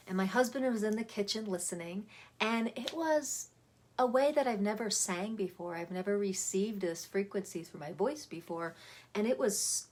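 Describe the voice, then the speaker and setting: Woman spiritual coach, soft casual delivery that drifts and stretches words, middling pitch. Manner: gentle, dreamy, many fillers and restarts. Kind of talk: casual teaching monologue.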